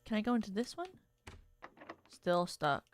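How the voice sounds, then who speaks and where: A woman's voice: mid-range voice, sing-song, a little slow, a little hiss or hum. A young adult woman streaming a video game, casually chatting, reading in-game text aloud, swearing and laughing when surprised. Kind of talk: casual gameplay commentary.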